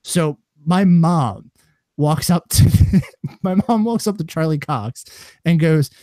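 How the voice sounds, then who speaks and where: A man co-hosting a casual chat show, telling long, rambling stories with lively energy. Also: fairly high pitch, takes it slowly, no room sound. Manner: rambling animated storyteller.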